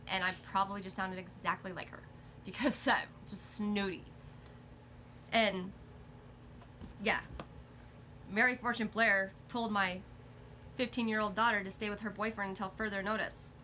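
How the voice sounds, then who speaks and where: A woman's voice: mid-range voice, fairly even intonation, normal speed, bright, forceful tone, slight background noise. A woman telling her family's story in a casual conversation, indignant and rattling off dates and events.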